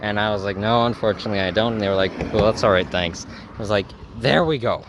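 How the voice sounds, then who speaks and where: Male vlogger, lowish voice, chatty and rambling, light outdoor noise. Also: fast. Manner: rambling, self-correcting, many fillers. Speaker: travel vlogger. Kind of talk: casual rambling vlog talk.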